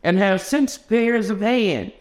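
A man's voice: high voice, animated, takes it slowly, a little mellow, voice pushed up. A man reading the part of the Lord, an eager male creator, in an earnest, heightened way.

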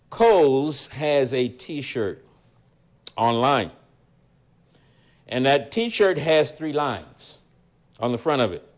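A man teaching a Bible study sermon in a deliberate, emphatic way, repeating his key lines. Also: medium pitch.

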